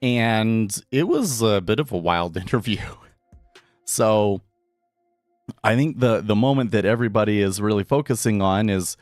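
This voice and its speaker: A man's voice: lowish voice, animated, normal speed, no room sound, studio quality, faint music behind. Rambling man on a live trading stream. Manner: rambling, restarts, thinks aloud. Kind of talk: casual live-stream commentary.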